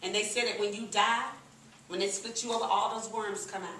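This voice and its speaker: Bright-voiced woman in an echoey room. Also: mid-range voice, fairly quick, a little hiss or hum. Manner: lively, laughing, folksy, addresses crowd as "y'all". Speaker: sales presenter at a business meeting. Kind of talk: animated testimonial to a live audience. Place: meeting room with audience. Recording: echoey room, recorded from a distance.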